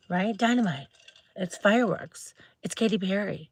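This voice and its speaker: A woman's voice: normal speed, fairly bright tone, dry recording. A woman hosting a casual livestream from inside her parked car, talking close to a phone, chatty and bubbly. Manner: chatty and bubbly, acts out quotes in squeaky voices. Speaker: livestream host. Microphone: phone held close.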